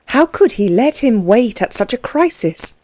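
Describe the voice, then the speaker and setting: A proud imprisoned gentleman, as a woman narrator puts him on from a storybook. He speaks earnestly and with barely held indignation. The sound is dry and close to the mic. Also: on the high side, big pitch swings, unhurried, dry recording, pitched above the performer's own voice. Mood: anxious.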